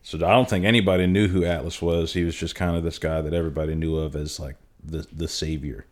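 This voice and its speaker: Deep-voiced laid-back podcast co-host. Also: male voice, fast. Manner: laid-back, profane, explaining calmly. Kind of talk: casual chat.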